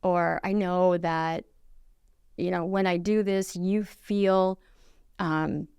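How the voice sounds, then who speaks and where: Middle-aged woman explaining how to apologize, earnest, plays out little quotes, smooth voice, dry room. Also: fairly low pitch, fairly even intonation, slow pace, darkish tone, no room sound. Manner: earnest and instructive. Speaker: relationship advice guest. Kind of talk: casual advice conversation.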